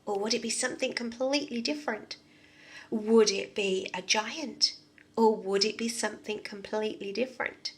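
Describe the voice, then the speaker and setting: Slow, bright-voiced nursery teacher. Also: female voice, a little high. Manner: expressive, asks the children questions. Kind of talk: storybook read-aloud and lesson for young children.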